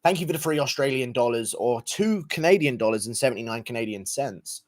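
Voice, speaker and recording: A man's voice: medium pitch, lively intonation, a little fast. A young man livestreaming, reading out donations in crude, profane, mocking banter. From England. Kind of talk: casual live-stream chat.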